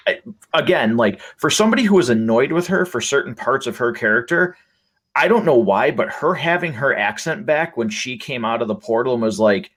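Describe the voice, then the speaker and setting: A podcast host with a medium-pitched, fairly bright voice talks casually and enthusiastically. He rambles, filling his speech with lots of fillers and restarts.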